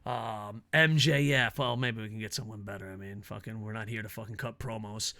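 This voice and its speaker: A man hosting his own wrestling commentary show, ranting casually with lots of swearing, laughter and excitable asides. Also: lowish voice, a little fast. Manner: profane, excitable, laughs a lot. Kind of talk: casual opinion rant.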